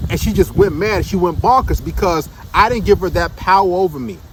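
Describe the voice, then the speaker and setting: A man's voice: high-pitched, a little fast, noisy background. A man giving blunt, emphatic dating commentary in a casual monologue, full of rhetorical questions.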